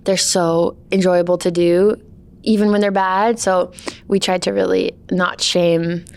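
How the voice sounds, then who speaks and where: A woman's voice: fairly low pitch, level tone, unhurried, gravelly, a little mellow, clear, resonant tone. A woman filmmaker who also acted in the film, talking loosely and rambling with fillers in an interview. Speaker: filmmaker and lead actor. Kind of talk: casual interview.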